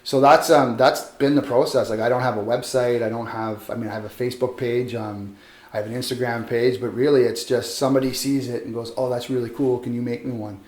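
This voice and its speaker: Male sculptor, middle pitch, easygoing and self-deprecating, echoey workshop. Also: a little fast. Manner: relaxed, rambling, self-deprecating. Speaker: metal sculptor. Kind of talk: casual interview. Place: metal workshop. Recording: roomy echo.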